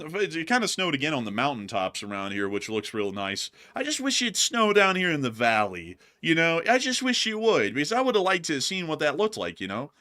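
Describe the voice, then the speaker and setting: A man's voice: medium pitch, pushed and bright. A man hosting a war news show, giving casual commentary and joking as he addresses his viewers as folks.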